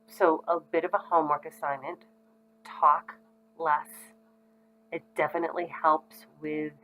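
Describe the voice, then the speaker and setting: Middle-aged woman, low pitch, casual parenting educator, relaxed and conversational. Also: dull audio. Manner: frequent ums, conversational and reassuring. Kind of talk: casual instructional talk to parents.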